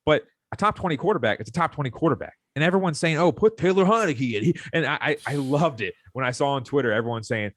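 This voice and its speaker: A man's voice: mid-range voice, quick pace, hardly any pauses, a bit bright, dry recording. A young man co-hosting a casual sports podcast, ranting with heated, fired-up energy. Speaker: podcast co-host.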